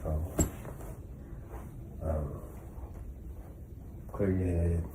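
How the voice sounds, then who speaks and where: A calm, soft-spoken husband from a comedy skit, played by a man, his voice very low and unhurried. He hesitates often as he speaks. The clip sounds roomy, with steady background noise.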